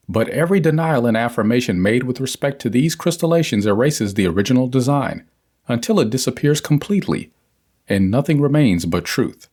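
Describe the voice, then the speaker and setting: Man narrating with lively pitch. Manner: measured, deliberate reading. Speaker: audiobook narrator. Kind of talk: scripted audiobook narration.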